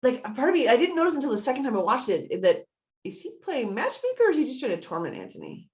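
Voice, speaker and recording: A woman's voice: sits high, huge pitch swings, fast talker, dull audio. A woman co-hosting a casual podcast chat, laughing often and acting out quoted lines. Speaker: podcast co-host.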